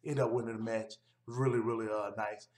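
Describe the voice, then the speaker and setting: A man's voice: lowish voice, level tone, a little fast, darkish tone. A man giving a casual, rambling recap of a wrestling show, with easygoing delivery and frequent fillers. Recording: roomy echo.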